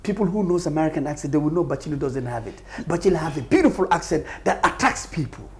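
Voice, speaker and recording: Gravelly, emphatic man from Gambia. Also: on the high side, animated, quick pace. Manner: emphatic, passionate, laughs often. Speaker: party official as guest. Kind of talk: heated live interview.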